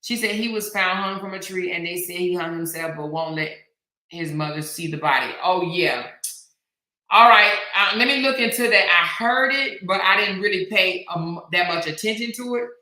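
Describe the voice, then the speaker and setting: Middle-aged woman host, chatty, slangy, bright voice, echoey room. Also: fairly low pitch, normal speed. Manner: chatty, animated, slangy, reads viewer comments aloud. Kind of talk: casual live-stream chat.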